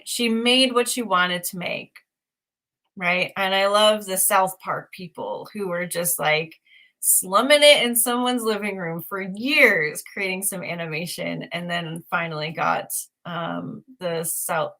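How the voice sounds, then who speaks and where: A woman's voice: lowish voice, sharp tone. A woman chatting casually and enthusiastically, meandering with many fillers. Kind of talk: casual chat.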